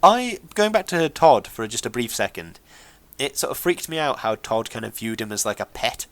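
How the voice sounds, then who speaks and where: A man's voice: medium pitch, sing-song, normal speed, fairly bright tone. Chatty English man. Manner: chatty, stumbling restarts, laughs often. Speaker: podcast co-host. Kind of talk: casual chat.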